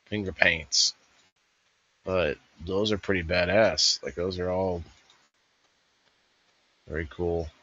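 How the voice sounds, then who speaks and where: Slow, bright-voiced rambling man. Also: low-pitched, steady tone, no room sound, highs cut off. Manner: rambling, thinking aloud. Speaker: host reviewing a vendor fair. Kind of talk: casual voice-over commentary.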